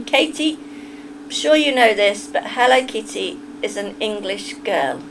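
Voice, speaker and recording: A woman's voice: on the high side, a little hiss or hum. A woman live streaming in a casual, chatty way, reading out her chat and often breaking into giggles.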